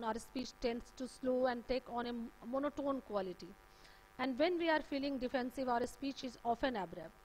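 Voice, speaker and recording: A woman's voice: a little high, a little hiss or hum, low-quality recording. A woman with an Indian English accent giving a classroom lecture, explaining points with many "uh"s and "okay" checks. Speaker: teacher. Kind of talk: classroom lecture on communication skills.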